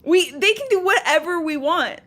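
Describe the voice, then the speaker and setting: A woman's voice: very high voice, animated, normal speed, pushed and bright. A young woman from Cincinnati hosting a podcast, recapping a novel in casual, slangy chat with swearing asides. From Cincinnati, Ohio. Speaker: podcast host.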